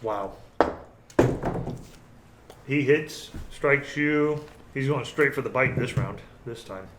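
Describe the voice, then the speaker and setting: A man running a tabletop game as game master, narrating and counting damage aloud in an unhurried way. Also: mid-range voice, fairly bright tone, slight background noise. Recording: roomy recording.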